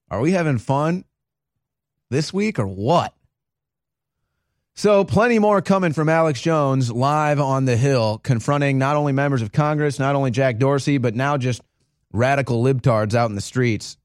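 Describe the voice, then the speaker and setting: A man's voice: medium pitch, animated, a little slow, pauses often, dry recording, clean studio sound. A man hosting a live show, giving emphatic, ranting political commentary. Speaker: host.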